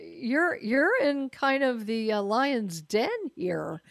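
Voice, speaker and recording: A woman hosting a talk show who asks pointed questions and chimes in with quick interjections. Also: a little high, lively intonation, creaky, dry recording, clean studio sound. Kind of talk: casual interview chat.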